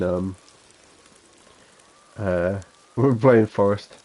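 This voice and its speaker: Low, mellow Suffolk man streaming. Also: normal speed, slightly rough. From England. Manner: rambling, self-mocking, chuckles to himself. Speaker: game streamer. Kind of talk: casual gameplay chat.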